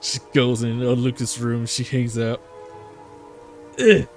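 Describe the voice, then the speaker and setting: A man's voice: mid-range voice, fairly even intonation, takes it slowly, soft background music. A man narrating a tabletop game as game master, rambling with fillers and laughs.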